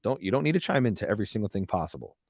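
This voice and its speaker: A young adult man co-hosting a casual podcast, talking in a quick, loose conversational way. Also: on the low side, very animated, vocal fry, darkish tone, breathy edge, no room sound, studio quality. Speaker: podcast co-host.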